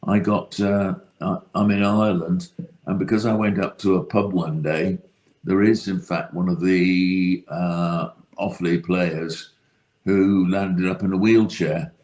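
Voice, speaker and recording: British man, deep voice, unhurried, dry self-deprecating stories. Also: darkish tone. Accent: British English. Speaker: guest. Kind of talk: casual anecdote.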